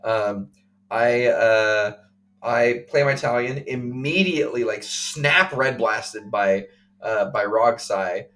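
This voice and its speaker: A man co-hosting a podcast, recounting a game play by play in casual chat, full of fillers and quick acted quotes. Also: medium pitch, a bit bright. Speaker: podcast co-host.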